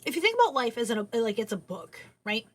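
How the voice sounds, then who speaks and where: A woman streaming a casual late-night chat from her home setup into a boom arm mic, rambling and swearing casually. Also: very animated, fast, dry recording. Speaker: livestreamer.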